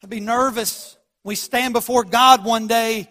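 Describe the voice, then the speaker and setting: A pastor preaching a sermon, shifting from quiet storytelling to loud, fervent pleas. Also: male voice, extremely high pitch, steady tone, measured pace, long reverb tail. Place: church sanctuary.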